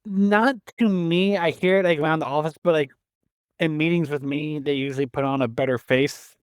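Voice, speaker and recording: A man's voice: a little high, fairly even intonation, moderate pace, smooth, dry recording. A man as a podcast guest, telling easygoing stories with dry humor. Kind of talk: casual podcast banter.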